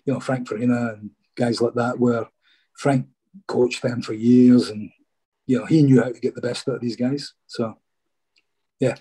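A man's voice: mid-range voice, steady tone, moderate pace, pauses often, dark tone, breathy edge. A middle-aged man from Scotland, a former footballer chatting casually in an interview and peppering his stories with "mate".

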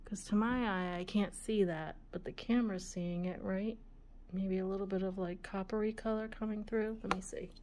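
A woman hosting a vintage jewelry video, musing aloud in a soft, relaxed voice and sometimes dropping to a whisper. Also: medium pitch, slight background noise. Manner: slow, soft-spoken, musing aloud, often drops to a whisper. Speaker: vintage jewelry channel host. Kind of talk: casual show-and-tell of jewelry.

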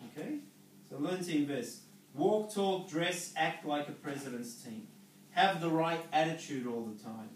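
Here a network marketing speaker coaches his audience through a motivational business talk, punctuating it with "okay?" and "yeah?". His voice is on the high side and a little slow, heard from far away in an echoey room with a touch of hiss or hum.

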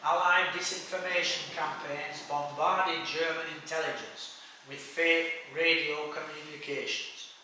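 A man's voice: fairly high pitch, fairly even intonation, a little slow, sharp tone, slight background noise. A man giving a read-aloud history lecture, reading steadily from notes with small stumbles. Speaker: speaker giving a history talk. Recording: echoey room from a distance.

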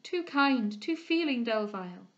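A gentle young heroine, weak from illness, speaks softly and tenderly, as a woman reads her aloud. Her voice sits fairly high, and the recording is muffled and lo-fi. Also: expressive, measured pace. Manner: soft and tender.

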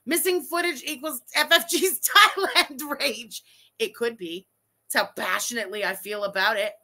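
A young adult woman hosting a casual livestream, reading super chats aloud and ranting with lots of swearing. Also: high voice. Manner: profane, animated, ranting.

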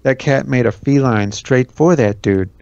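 A man's voice: mid-range voice, unhurried, gravelly, darkish tone, clean tone, no echo, highs cut off. A man co-hosting a podcast who drops dry, punning quips in casual chat. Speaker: podcast co-host.

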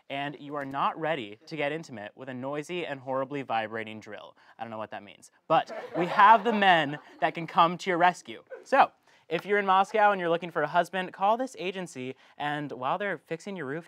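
A man's voice: on the high side, fairly bright tone, no room sound. A young man co-anchoring a comedic student newscast, with wry asides. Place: studio.

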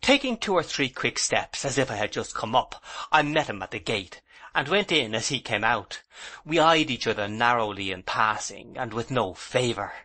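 A man narrating a classic novel as an audiobook in a measured, plain storytelling manner. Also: mid-range voice, expressive, pushed and bright. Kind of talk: scripted narration.

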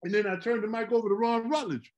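A middle-aged man, a former pro basketball player, telling animated, rambling stories on a podcast. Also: high-pitched, fast. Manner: animated, rambling, repeats words. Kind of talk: casual storytelling chat.

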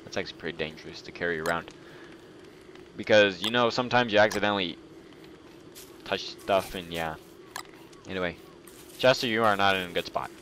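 Goofy, excitable young man gaming. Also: low-pitched, fairly quick, pauses often, a little hiss or hum. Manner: excitable, goofy, gushes over the game. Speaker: gameplay commentator. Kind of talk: let's play commentary.

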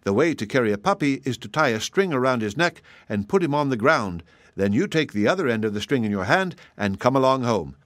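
A man's voice: medium pitch, sing-song, a little fast, no room sound, close to an everyday voice. A man voicing a scolding mother who is exasperated with her foolish little boy, in a storybook reading. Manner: exasperated, scolding, repeats the boy's name.

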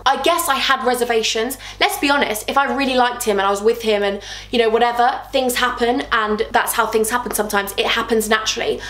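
Fast-talking young woman. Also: fairly high pitch, roomy sound. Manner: chatty, candid, animated. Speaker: vlogger. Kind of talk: storytime vlog.

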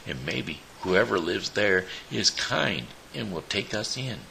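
A sweet, polite little girl from a fairy tale, as a man reads her part. Her lines rise well above the reader's usual deep voice, pleading and gentle, with a bright, tense edge. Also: animated, slow pace, vocal fry, slight background noise, full character voice, rough recording. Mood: hopeful.

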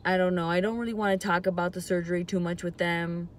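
In a car sitting in a parking lot, a woman records a casual confessional vlog, close to tears and emotional. Her voice is fairly low and even in intonation, and she talks fast yet hesitantly, rambling and trailing off. A little hiss or hum sits under the audio.

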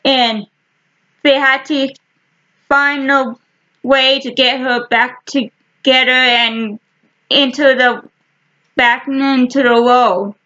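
A woman casually showing her book collection to the camera, talking in short halting fragments with frequent restarts. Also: high-pitched, fairly even intonation, pushed and bright, lo-fi sound. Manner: slow and rambling. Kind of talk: casual chat.

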